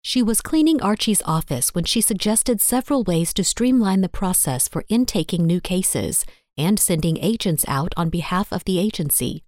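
A woman narrating a story in a steady, even audiobook style. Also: mid-range voice, no room sound, studio quality.

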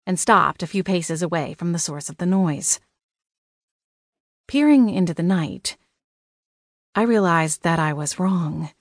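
A woman narrating a first-person fantasy audiobook in a wry, expressive way. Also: fairly low pitch, dry recording, clean studio sound.

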